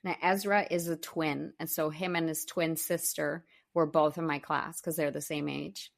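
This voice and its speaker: A woman in her twenties hosting a podcast in casual chat, animated and laughing often as she tells stories. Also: sits low, moderate pace, creaky. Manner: animated storyteller, laughs often, quotes kids in playful voices. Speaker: podcast host.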